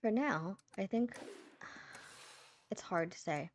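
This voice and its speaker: A woman's voice: medium pitch, slow, a little hiss or hum. Woman casually thinking aloud over a game. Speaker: gaming channel host. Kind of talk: casual game playthrough commentary.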